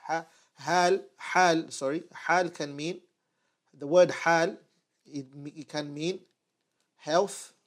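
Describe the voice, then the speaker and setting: A man with a fairly high-pitched voice teaches a lesson at a whiteboard, explaining each phrase as he writes it. He repeats words slowly and patiently, drilling them for the learner. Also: fairly even intonation. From United Kingdom. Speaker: Arabic teacher.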